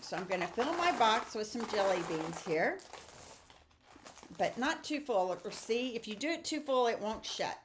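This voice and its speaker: A woman's voice: medium pitch, a little hiss or hum. A middle-aged woman teaching a papercraft project, chatty and upbeat as she talks viewers through each step. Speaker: stamping and papercraft instructor. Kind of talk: casual craft tutorial.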